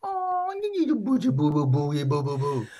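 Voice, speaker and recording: A man putting on an exaggerated, high, sing-song baby-talk voice, cooing like an adult talking to an infant. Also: wildly swooping pitch, normal speed, mellow, slight background noise.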